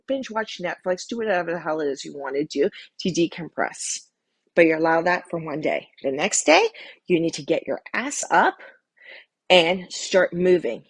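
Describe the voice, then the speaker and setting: Gravelly, husky woman giving blunt life advice. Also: lowish voice, dry recording. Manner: blunt and candid, casual swearing; emphatic, direct address to viewer. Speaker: holistic lifestyle coach. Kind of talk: motivational talk to camera.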